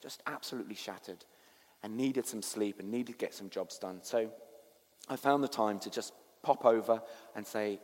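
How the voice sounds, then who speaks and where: Pastor preaching in a reverberant hall. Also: male voice, lowish voice, normal speed. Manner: storytelling, shifting from hushed to animated. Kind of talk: sermon.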